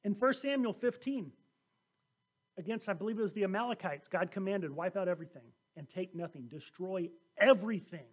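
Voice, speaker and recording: High-voiced pastor preaching with animated storytelling. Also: male voice, a little fast. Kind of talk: sermon.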